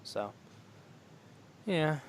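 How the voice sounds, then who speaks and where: A young man co-hosting a podcast, rambling in casual chat and laughing often. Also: very slow. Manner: rambling, laughs often, acts out silly droid voices. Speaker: podcast co-host.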